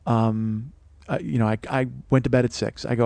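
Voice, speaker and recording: A man's voice: medium pitch, expressive, quick pace, vocal fry, mellow, no echo. A man in his forties, a comedian and host, telling a comic story with profane, worked-up ranting. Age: 40s.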